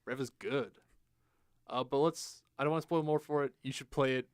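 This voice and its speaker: Young male co-host, casual and animated, acts out quotes, swears freely, dry sound. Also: medium pitch, normal speed, smooth, no room sound. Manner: animated storytelling, acts out quotes in silly voices. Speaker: podcast co-host. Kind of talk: casual chat.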